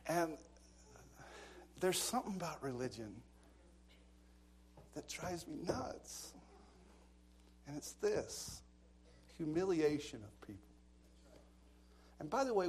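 A pastor delivers a storytelling sermon, his voice sitting high, a little mellow and husky. He tells stories peppered with dramatic asides and bursts of laughter.

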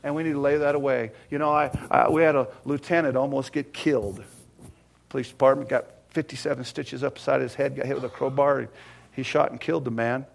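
A man preaching a sermon in a folksy way, swinging from hushed asides to loud, fervent passages. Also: mid-range voice, steady tone, fast, creaky. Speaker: pastor.

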